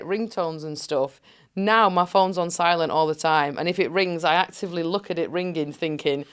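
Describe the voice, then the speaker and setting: A woman co-hosting a podcast, chatting casually and telling lively stories with frequent laughter. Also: medium pitch, clean tone. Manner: animated storyteller, laughs often, acts out quotes. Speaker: podcast co-host. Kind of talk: casual chat.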